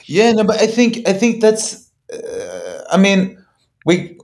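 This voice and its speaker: A man, a musician guest on a podcast, talking casually with halting restarts and some swearing. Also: high-pitched, huge pitch swings, darkish tone, a little hiss or hum. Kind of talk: casual interview chat.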